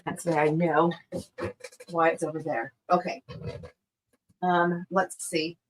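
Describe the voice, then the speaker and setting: The seller's voice is low and fairly flat in pitch, and she speaks slowly. A middle-aged woman in her craft room, she chats casually during a live online craft sale, marveling at items and laughing frequently, on a low-quality recording with slight background noise.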